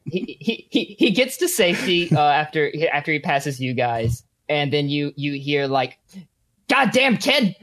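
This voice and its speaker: A man running a tabletop game as game master, narrating with frequent pauses and fillers. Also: a little high, a bit bright. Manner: hesitant, lots of uh and um, laughing.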